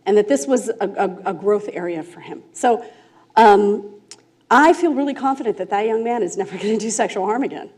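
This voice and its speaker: Woman, conference speaker, slightly high voice, animated storytelling, frequent laughs. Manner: animated, laughs often, keeps asking "right?". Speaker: conference speaker, restorative justice facilitator. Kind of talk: storytelling talk to a conference audience. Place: conference room.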